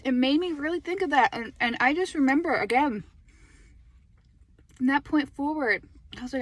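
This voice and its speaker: A middle-aged woman talking casually to her phone camera from a parked car, chatty and animated, laughing often. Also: high-pitched, normal speed, long pauses, no room sound. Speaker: lifestyle vlogger.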